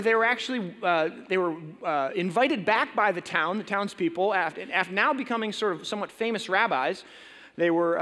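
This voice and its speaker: A man's voice: sits high, fairly bright tone. A man preaching a sermon as a pastor, casual and conversational, telling a story with fillers and restarts in a large church hall. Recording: long reverb in a large hall.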